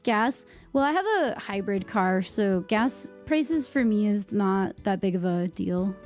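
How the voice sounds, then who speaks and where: A young woman from Massachusetts with a Boston accent, chatting casually with her stream viewers, rambling with lots of fillers, on a boom-arm mic at home. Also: lively intonation, a little slow, a little mellow, faint music behind. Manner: rambling, many fillers and restarts. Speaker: live streamer. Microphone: microphone on a boom arm.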